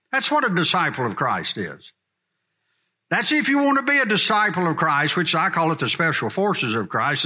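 A man's voice: on the high side, pushed and bright. A middle-aged man teaching a church congregation in a blunt, folksy sermon style. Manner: folksy and blunt, drawling asides.

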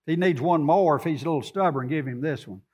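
A man's voice: fairly high pitch, fast talker, darkish tone, husky. A man preaching a sermon, quoting scripture and coaxing his congregation in a conversational way.

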